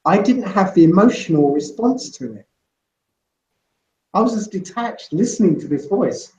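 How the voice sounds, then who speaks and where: Rambling male guest, slightly high voice, echoey and dull lo-fi recording. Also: expressive, moderate pace, dark tone. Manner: rambling, full of "you know" and "right?". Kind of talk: casual interview chat. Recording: roomy, muffled lo-fi sound.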